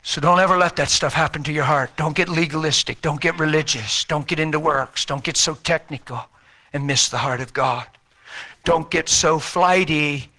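A man preaching a sermon, telling a story and acting out the dialogue, with folksy, colloquial talk. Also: a little high. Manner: animated, acts out quoted dialogue in a raised voice. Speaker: traveling preacher. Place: church.

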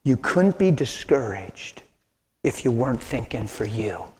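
Man in his 60s, preacher, sermon in a large hall, hushed-to-emphatic delivery, folksy asides, long reverb. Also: mid-range voice, sing-song, unhurried. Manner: swings between hushed near-whispers and raised, emphatic lines.

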